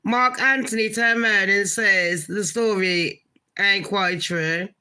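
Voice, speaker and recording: A woman's voice: mid-range voice, steady tone, takes it slowly, bright, forceful tone, clean tone, poor audio. A woman giving a blunt, swearing, incredulous gossip commentary as a vlogger.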